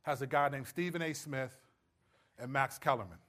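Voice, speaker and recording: A man's voice: mid-range voice, normal speed, a bit bright. A man preaching a sermon in a conversational way, checking in with listeners. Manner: conversational, checks in with the audience often. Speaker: pastor.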